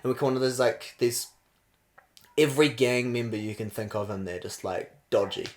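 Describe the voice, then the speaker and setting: A man's voice: medium pitch, moderate pace. A young man with a New Zealand accent, co-hosting a podcast and telling a story in casual chat, acting out the quotes. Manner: animated storyteller, acts out quotes. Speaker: podcast co-host.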